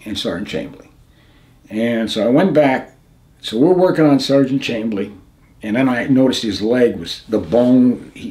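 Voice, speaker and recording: A man in his seventies from the United States, telling war memories in an interview in a halting, plain-spoken way, often restarting, his voice going hushed at grim moments. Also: medium pitch. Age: 70s. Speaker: veteran interviewee. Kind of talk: recounting combat memories in an interview.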